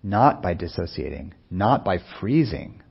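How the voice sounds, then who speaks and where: A man speaking as a meditation teacher in a soft-spoken, unhurried, musing way, with many pauses. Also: sits low, very animated, creaky, slightly rough, lo-fi sound. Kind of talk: reflective dharma talk.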